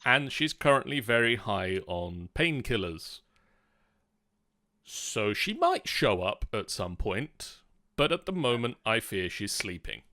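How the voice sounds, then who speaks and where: A man hosting a tabletop game stream, chatting in an animated, self-mocking way at his desk mic. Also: lowish voice, takes it slowly, dry recording, studio quality. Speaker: host and dungeon master. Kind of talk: casual stream chat.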